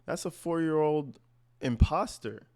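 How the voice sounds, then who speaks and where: A man's voice: a little high, lively intonation, a little slow, vocal fry, darkish tone. Blunt, profane man ranting. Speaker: commentary channel host. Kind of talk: reaction commentary.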